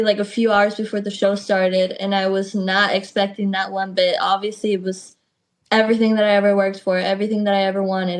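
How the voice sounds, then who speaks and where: Casual: young woman on a video call, chatty, acts out quotes as she tells stories. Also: mid-range voice. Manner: lively storytelling, acts out quotes. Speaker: guest wrestler. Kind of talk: casual interview.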